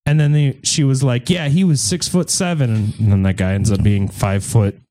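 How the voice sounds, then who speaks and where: A man's voice: on the low side, normal speed, dark tone. A man hosting a podcast, telling a story in a rambling, irreverent, joking way during a casual chat with friends. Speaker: podcast host.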